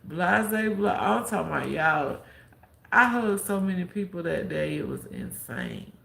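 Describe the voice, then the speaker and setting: A woman chatting on a live stream with a deeply gravelly, creaky voice that swings up and down as she acts out what people said. Her room sounds echoey, with faint ambience behind her. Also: a little slow. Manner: animated storyteller who acts out quotes and gives heartfelt advice. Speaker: live streamer and content creator. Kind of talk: casual live-stream storytelling. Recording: roomy echo with faint background ambience.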